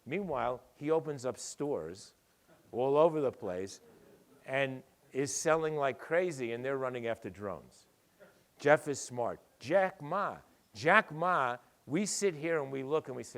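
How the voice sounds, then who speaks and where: An older man giving a conference keynote, punchy and sardonic, with a lively delivery. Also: medium pitch, unhurried. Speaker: keynote speaker. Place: dinner event hall.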